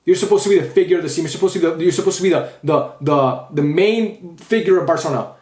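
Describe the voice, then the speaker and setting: Young male fan vlogger, fairly high voice, angry swearing post-match rant in a roomy space. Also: quick pace, a little mellow. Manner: frustrated, repetitive, swearing.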